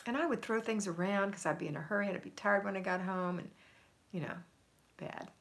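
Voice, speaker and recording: A woman's voice: medium pitch, brisk, gravelly. A middle-aged woman hosting a homemaking livestream, reading viewer comments aloud and answering them with encouragement.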